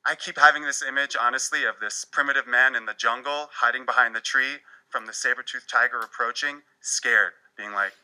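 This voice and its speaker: A man giving a presentation talk in an animated, wry storytelling manner. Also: medium pitch, fairly quick, few pauses, clear, resonant tone, rough recording. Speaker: speaker.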